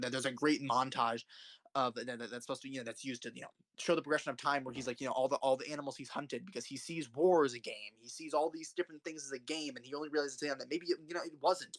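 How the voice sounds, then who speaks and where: Young male host, fast and heated, raving and cursing over favorite films; dry, close recording. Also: medium pitch, fairly bright tone, no room sound. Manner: rambling, passionate, swears often. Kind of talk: casual film commentary.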